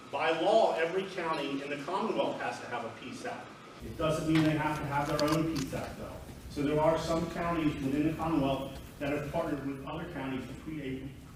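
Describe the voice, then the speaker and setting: A man, director of county emergency services, giving a talkative, emphatic presentation to an audience at a community event. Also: on the high side. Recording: echoey hall from far off, noisy.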